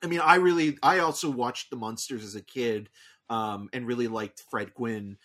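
A man's voice: medium pitch, normal speed, fairly bright tone. A man co-hosting a podcast, talking in a casual, enthusiastic, rambling way with lots of fillers. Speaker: podcast co-host. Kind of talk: casual chat.

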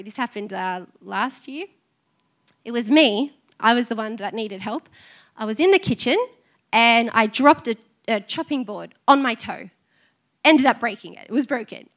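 A woman's voice: high-pitched, a bit bright. A middle-aged woman, preaching a sermon in an earnest, conversational way and telling personal stories. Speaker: pastor.

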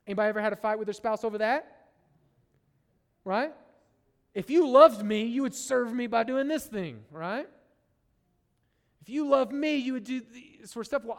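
A middle-aged man preaching a sermon to his church, conversational and joking, tagging lines with "right?". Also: extremely high pitch. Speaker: pastor. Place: church sanctuary. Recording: long reverb of a large hall.

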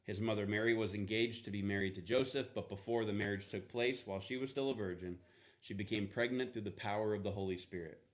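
A man preaching a sermon in a casual, animated storytelling manner, acting out playful voices. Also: lowish voice, quick pace. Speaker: pastor.

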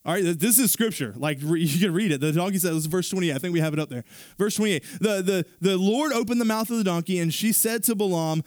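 A man preaching a sermon, retelling a scripture story in a casual, animated way with fillers and asides to the congregation. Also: high-pitched, fast, dry recording, studio quality. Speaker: pastor.

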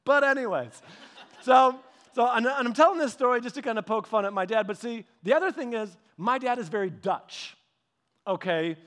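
A man's voice: extremely high pitch, moderate pace. A middle-aged man preaching a sermon, telling family stories with humor, chuckling and restarting his sentences. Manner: animated, humorous storytelling with frequent laughs and restarts. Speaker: pastor. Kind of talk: storytelling sermon.

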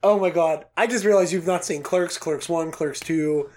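A man co-hosting a podcast, reading a news story aloud in a casual, excitable way, laughing often and swearing casually. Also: fairly high pitch, moderate pace. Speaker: podcast co-host.

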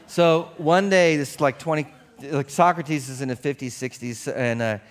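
A man's voice: fairly high pitch, moderate pace. A male pastor preaching a casual, joking sermon, telling stories in a conversational way.

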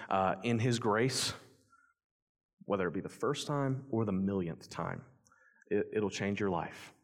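A young man preaching a sermon as pastor, telling a story in quick run-on clauses, then turning quiet and earnest to lead communion. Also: on the low side. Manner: quiet, earnest near-whisper leading communion. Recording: long hall reverb.

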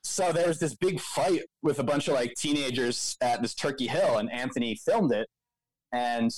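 A young man from the Philadelphia area, co-host and co-founder of a local news outlet, spins a long story in casual podcast chat, rambling and dropping plenty of "like" and "um." His voice is mid-range at a moderate pace, and the recording is rough with no room sound.

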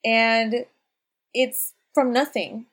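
A woman's voice: on the high side, very slow. Chatty woman game master. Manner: relaxed, chatty, laughs often. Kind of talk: narrating a tabletop game.

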